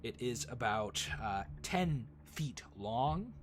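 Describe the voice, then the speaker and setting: A man running a tabletop game as dungeon master, narrating haltingly with many fillers. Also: medium pitch, very animated, noisy background. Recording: music playing behind.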